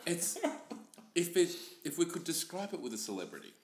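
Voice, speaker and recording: A man's voice: fairly high pitch, very animated, brisk. A young man co-hosting a comedy podcast, playful and laughing as he jumps between bits. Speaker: podcast co-host. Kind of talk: casual comedy podcast banter. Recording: roomy echo.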